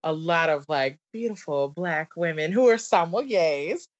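A woman's voice: low-pitched, lively intonation, a little slow. A woman in her thirties with a Southern accent, a podcast guest talking in a bubbly, chatty way with frequent laughs and likes. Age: 30s. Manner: bubbly and talkative, laughs often, many likes and ums. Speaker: podcast guest, business coach. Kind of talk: casual interview chat. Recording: dull lo-fi remote audio.

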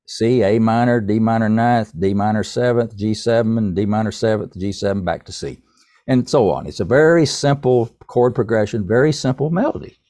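An older man, a podcast guest, telling a personal story in a folksy, unhurried way and addressing the host by name. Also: lowish voice, warm tone, dry recording. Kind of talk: casual storytelling.

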